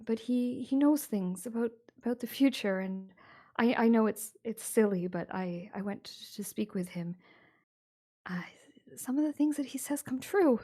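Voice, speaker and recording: A woman voicing an elderly wife who is tearful and overjoyed, speaking in a high, breathless, emotional way. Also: warm tone.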